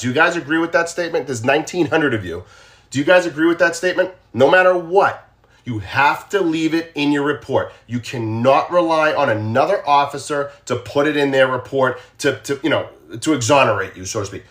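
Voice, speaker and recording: A man's voice: mid-range voice, a bit bright. A man with a Boston accent hosting a casual true crime livestream, talking straight to viewers and repeating his questions to them.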